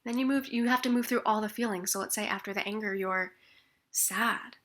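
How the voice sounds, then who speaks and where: Bright-voiced woman teaching tapping. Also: mid-range voice, a little fast. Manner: expressive, acts out feelings, drops to soft near-whispers. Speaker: tapping practitioner. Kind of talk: instructional explanation with demonstrations.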